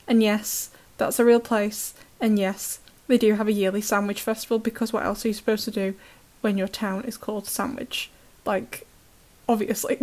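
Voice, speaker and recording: A woman's voice: a little high, a little mellow. Sarcastic British woman recapping episodes. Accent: British English. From Britain. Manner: chatty, sarcastic, laughs often.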